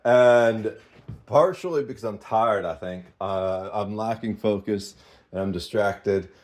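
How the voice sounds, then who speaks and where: A sleep-deprived man in a casual vlog, talking in a halting, rambling way and short of breath. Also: fairly low pitch, darkish tone. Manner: rambling, halting, with fillers and laughs. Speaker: vlogger.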